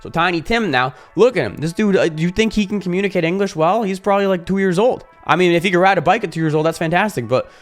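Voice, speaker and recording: Brief: male YouTuber, casual vlog talk, lively and profane, slightly high voice. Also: fast talker, hardly any pauses, faint music behind. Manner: animated, swears freely, acts out scenes.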